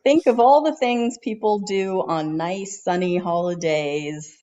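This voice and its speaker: A woman doctor joining a podcast remotely, talking calmly and matter-of-factly about her shifts. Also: lowish voice, measured pace, background noise. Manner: calm, matter-of-fact. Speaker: emergency doctor guest. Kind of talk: casual chat. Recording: dull remote call audio.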